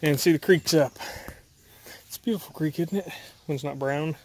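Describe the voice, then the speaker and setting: A young man rambling casually in a walking vlog through the woods by a creek, telling animated stories, recorded on a handheld camera. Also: fairly high pitch, normal speed, slight background noise. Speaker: vlogger.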